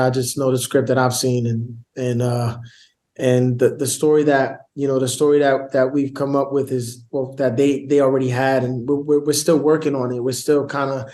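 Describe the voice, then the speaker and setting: A man's voice: mid-range voice, darkish tone. A man with a New York accent, a guest actor chatting loosely in slang with many restarts. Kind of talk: casual interview chat.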